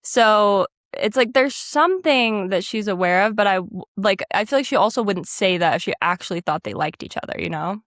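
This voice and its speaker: A woman's voice: mid-range voice, a little fast, few pauses, fairly bright tone, no room sound, studio quality. A woman co-hosting a podcast, musing earnestly in casual chat about an anime. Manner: earnest, musing, many likes. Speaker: podcast co-host.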